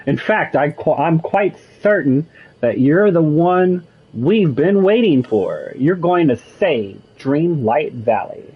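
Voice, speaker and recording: A man voicing a forgetful old male wizard, reading his lines slowly and drawn out, over a slightly muffled recording with faint game music. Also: on the high side, lively intonation, breathy edge, exaggerated voice. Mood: sage.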